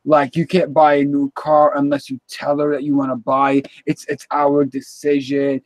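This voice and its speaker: A man's voice: on the high side, monotone, normal speed, no echo. A man in casual live chat, rambling and acting out both sides of an argument.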